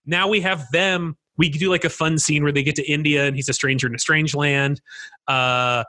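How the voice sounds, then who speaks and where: A man with a husky, bright voice spins a scene with energy, slipping into the voices of the people in his story. His pitch sits a little above average for a man. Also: a little fast. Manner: animated storyteller, acts out lines, laughs. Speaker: podcast co-host. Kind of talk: casual chat.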